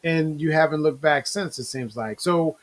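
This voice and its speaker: A man's voice: a little high, normal speed. A man hosting a casual interview, hesitant and repeating words as he asks questions. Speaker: host.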